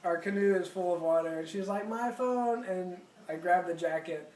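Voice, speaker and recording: A man's voice: sits high, flat delivery, a little fast, a little mellow. A man telling a story casually in an easygoing way, chuckling as he goes. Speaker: interviewee. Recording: echoey room, from a distance.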